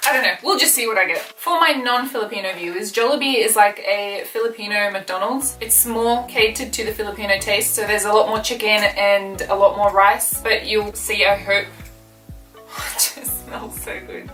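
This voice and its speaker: A young woman with an Australian accent talks her way through a fast-food taste test, chatty and quick to giggle. Her voice is bright and forward. The room echoes, with the mic set back from her. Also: medium pitch, distant mic. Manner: chatty, giggly, thinking aloud. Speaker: food vlogger. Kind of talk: casual food review vlog. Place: bedroom at home.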